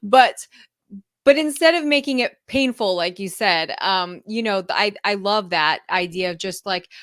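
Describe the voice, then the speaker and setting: A woman's voice: medium pitch, moderate pace, a bit bright, no echo, studio quality. A woman hosting a podcast, chatting casually, laughing easily and asking follow-up questions. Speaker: podcast host.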